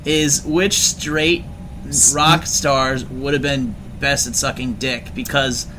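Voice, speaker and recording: A man's voice: mid-range voice, steady tone, slow, bright, forceful tone, slight background noise. A man in his forties hosting a casual comedy podcast, rambling and laughing often. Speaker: podcast host.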